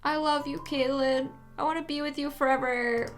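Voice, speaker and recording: A woman voicing a sad, anxious teenage schoolgirl, reading game dialogue aloud in a soft, hesitant way. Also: high voice, fairly even intonation, normal speed, faint music behind, voice pushed up, lightly acted.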